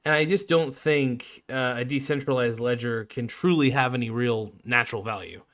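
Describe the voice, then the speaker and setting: A man's voice: medium pitch, moderate pace, fairly bright tone. Sarcastic man rambling through casual commentary. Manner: sarcastic, mocking, rambling with frequent restarts; profane, jokey asides. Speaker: video creator.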